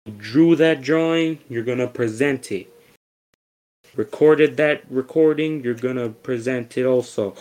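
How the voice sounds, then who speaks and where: A man's voice: medium pitch, a little slow, darkish tone, rough recording. Swearing young man ranting. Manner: swears a lot, rants with stammered restarts. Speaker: podcast host. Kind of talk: casual podcast chat.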